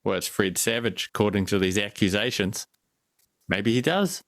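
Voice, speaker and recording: A man's voice: fairly low pitch, expressive, moderate pace, fairly bright tone, dry recording, studio quality. A man co-hosting a casual film review chat, rambling and jokey, often breaking off mid-sentence. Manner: rambling, jokey, self-interrupting. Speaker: podcast co-host.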